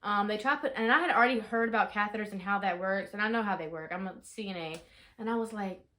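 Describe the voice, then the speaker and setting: A young woman in her twenties, telling a story casually in a vlog, chatty and full of fillers, shouting out the dramatic parts. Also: medium pitch, fast. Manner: chatty, animated, lots of fillers, rises to shouting in re-enactments. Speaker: vlogger.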